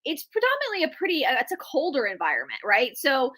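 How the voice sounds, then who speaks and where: A woman's voice: high-pitched, wildly swooping pitch, quick pace, bright, forceful tone. A woman with a Southern US accent, a guest historian giving her opinions in a chatty, casual livestream conversation. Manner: opinionated, chatty, restarts often.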